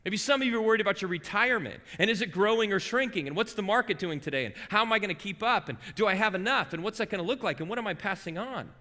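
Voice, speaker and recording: A man in his forties from Southern California preaching a sermon to a congregation, telling stories in a conversational, animated way and asking rhetorical questions. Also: high-pitched, fast, hardly any pauses, long reverb tail. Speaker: guest preacher. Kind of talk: sermon with personal storytelling. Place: church sanctuary.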